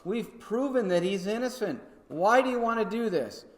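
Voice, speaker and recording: A man's voice: on the high side, lively intonation, a little slow, a bit bright, pitched above the performer's own voice. A man voicing an exasperated Roman governor who pleads with a mob in casual, incredulous modern phrasing. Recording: echoey hall.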